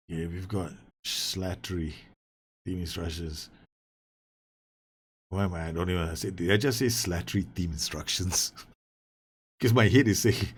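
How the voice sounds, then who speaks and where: A man's voice: low-pitched, husky. A man giving casual commentary on a football management game, talking to his players, swearing and laughing as the match swings. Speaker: gaming YouTuber. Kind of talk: casual Let's Play commentary.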